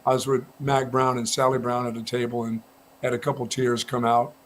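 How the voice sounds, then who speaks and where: A man's voice: medium pitch, fairly quick. Male sports radio co-host, casual rambling delivery, light background noise. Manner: relaxed storytelling, frequent restarts. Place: radio studio.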